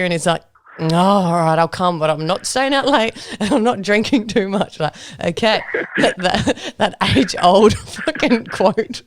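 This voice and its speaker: A woman's voice: mid-range voice, a little slow, dry recording. A woman hosting a podcast, telling a story casually with lots of laughter and acted-out quotes. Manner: animated, laughs often, acts out quoted lines. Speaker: podcast host.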